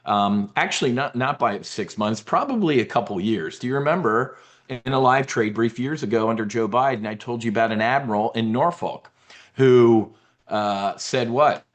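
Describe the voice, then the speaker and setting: A man's voice: medium pitch, moderate pace. Profane, combative man ranting. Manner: profane, combative, mocks opponents in put-on voices. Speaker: trading newsletter host. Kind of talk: heated political rant in a members' brief.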